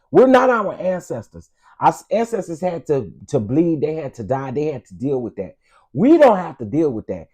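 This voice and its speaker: A man's voice: on the high side, husky. Emphatic ranting male commentator. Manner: loud, emphatic, sassy. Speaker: online commentary host.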